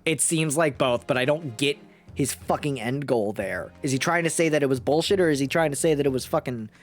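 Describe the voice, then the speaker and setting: A man streaming a game, commenting in an excitable, profane, self-mocking way. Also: mid-range voice, brisk, soft background music.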